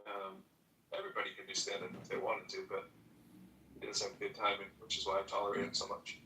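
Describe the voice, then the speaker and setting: Man, host, halting, repeats words, echoey room, far from mic. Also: lowish voice, monotone, pushed and bright, slight background noise. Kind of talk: casual chat. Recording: echoey, from a distance.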